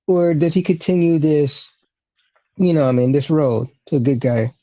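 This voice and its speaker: A man chats casually as a podcast co-host, asking relaxed questions full of fillers. His voice is warm and mellow and sits a bit high for a man. The audio is dull and lo-fi. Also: normal speed. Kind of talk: casual chat.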